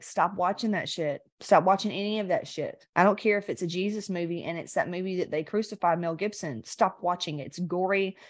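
Middle-aged woman host, lowish voice, profane and unfiltered, dry close sound. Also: no room sound. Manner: blunt, profane and rambling; speaks straight to listeners. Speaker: podcast host and health coach. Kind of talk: casual unscripted coaching talk.

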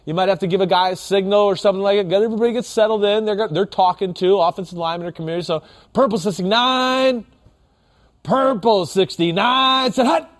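A man's voice: high-pitched, rapid-fire, few pauses. A man co-hosting a podcast, chatting casually and joking while critiquing listener submissions. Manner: animated, joking, critiquing snap counts. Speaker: podcast co-host. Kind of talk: casual chat.

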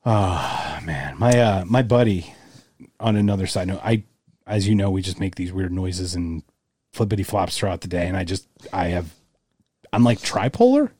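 Brief: male podcast co-host, playful and jokey, swooping lively pitch, mellow tone, dry close sound. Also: normal speed, no room sound. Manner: jokey, laughing, silly put-on voices. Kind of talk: casual banter.

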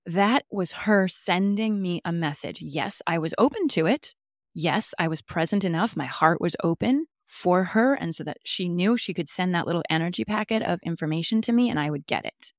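A woman being interviewed about her child, a lively storyteller who talks openly and acts out the dialogue. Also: lowish voice, normal speed, dry recording, clean studio sound. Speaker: guest, mother of a nonverbal child. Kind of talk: casual interview talk.

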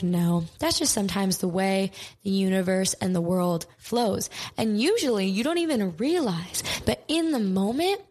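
A young adult woman hosting a podcast, telling a personal story in a candid, emotive, casual way with lots of "like.". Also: mid-range voice. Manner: candid and emotive, heavy use of "like". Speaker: podcast host.

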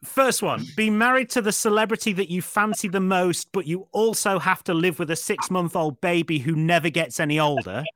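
A man's voice: sits high, brisk, few pauses, a bit bright, dry recording. Man, podcast host, playful and teasing, slightly raised voice, dry close sound. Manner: teasing, sets up scenarios playfully. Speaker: podcast host asking questions. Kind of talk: casual chat.

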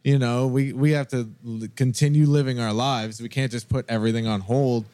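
A man's voice: mid-range voice, fairly even intonation, fairly quick, mellow, no room sound. A man in his thirties, a drummer, chatting in an easygoing, agreeable way with casual swearing. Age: 30s. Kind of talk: casual chat.

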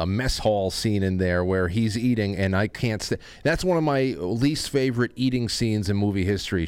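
Smooth-voiced rambling male talk host. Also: medium pitch, darkish tone, dry recording. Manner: rambling, restarts often, jokey. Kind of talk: casual chat.

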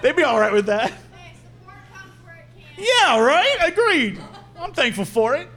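A man co-hosting a live podcast, riffing in an animated, jokey, exaggerated way. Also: very high-pitched, a little slow. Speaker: podcast co-host. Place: live venue stage.

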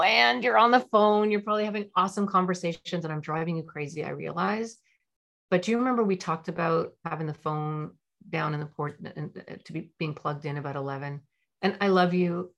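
Woman as a mom setting a phone rule for her teen, steady and caring, middle pitch. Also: fast, hardly any pauses, lo-fi sound. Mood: calm. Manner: firm, then calm and soothing.

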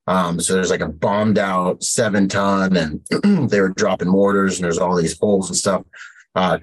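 Husky-voiced man telling a war story. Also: low-pitched, steady tone, moderate pace, low-quality recording. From United States. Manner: rambling war story with many fillers and acted quotes. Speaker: podcast guest. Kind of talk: casual storytelling.

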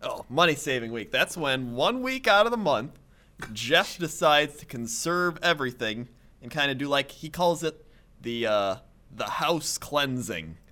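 Man co-host, rambling casual storyteller, bright and lively, laughs easily. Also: medium pitch, unhurried. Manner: rambling, filler-heavy storytelling with frequent laughter. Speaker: podcast co-host.

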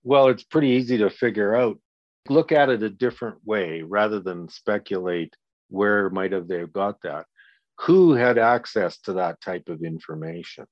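A man in his sixties speaks candidly as a guest, blunt and sprinkled with swearing. His voice sits low, and the audio sounds dull and dry with no room around it. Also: moderate pace, dry recording. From Canada. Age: 60s. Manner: blunt, profane, acts out quoted people in raised voices. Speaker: guest, victim's father. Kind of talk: candid interview.

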